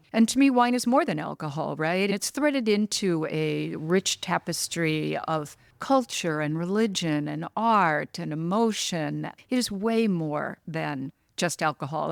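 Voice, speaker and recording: A woman's voice: fairly low pitch, dry recording, studio quality. A woman guest on a podcast, explaining her idea in an earnest, articulate, passionate way. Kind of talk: conversational interview.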